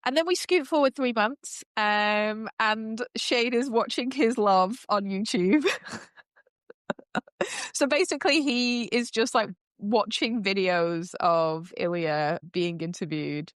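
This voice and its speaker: Gushing woman, smooth voice. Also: medium pitch, slow pace, no room sound, clean studio sound. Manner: gushing, full of "like" and "um" fillers. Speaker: podcast host. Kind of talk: casual recap chat.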